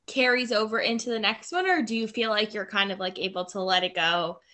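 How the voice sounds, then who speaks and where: A young woman co-hosting a casual podcast, reacting quickly and swearing casually. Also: mid-range voice, pushed and bright. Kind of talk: casual chat.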